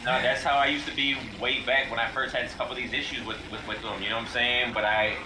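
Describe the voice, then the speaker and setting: A man in casual chat, speaking haltingly and repeating words as he searches for them. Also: medium pitch, little pitch movement, roomy sound, background noise.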